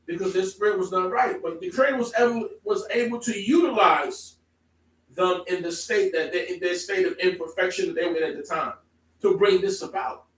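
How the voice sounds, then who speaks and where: A man preaching a sermon to a congregation, emphatic, moving from calm explaining to loud exclamations. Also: sits high, fairly quick. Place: congregation hall. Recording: echoey room, from far off.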